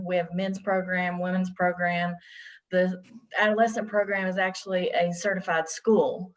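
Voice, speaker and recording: A woman's voice: lowish voice, rough recording. A woman introducing herself on a video call as a treatment program representative, in an upbeat way.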